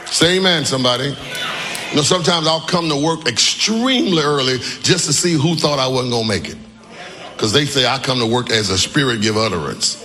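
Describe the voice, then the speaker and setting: Male pastor, call-and-response sermon style, forceful and fairly high voice, long church reverb. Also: animated, a little fast, a little hiss or hum. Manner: call-and-response preaching, often shouting emphatic lines. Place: church sanctuary with congregation.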